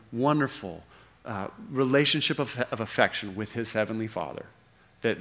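Man, preacher, earnest sermon, fillers and restarts, bright forceful tone. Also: medium pitch.

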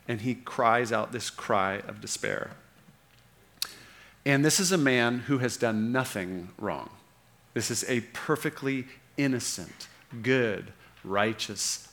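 Man, preacher, earnest sermon, fillers and restarts, bright forceful tone. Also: mid-range voice, a little slow.

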